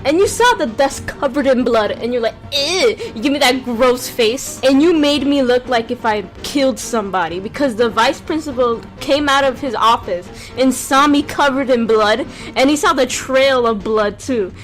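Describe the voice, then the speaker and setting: A woman's voice: a little high, moderate pace, hardly any pauses, soft background music. A young woman narrating a casual storytime in a ranty, sarcastic way. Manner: ranty, sarcastic, jumps into loud acted quotes.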